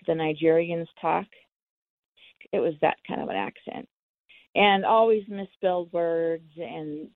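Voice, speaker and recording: A woman's voice: fairly low pitch, creaky, no room sound. A woman telling her own story in an interview, candid and acting out the dialogue. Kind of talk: personal storytelling. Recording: tinny phone line, dry.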